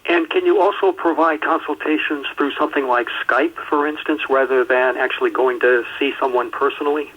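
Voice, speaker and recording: A man hosting a radio interview, asking questions in a measured way and slowly spelling out details for listeners. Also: medium pitch, very animated, slightly rough. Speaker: radio show host. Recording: muffled radio show audio.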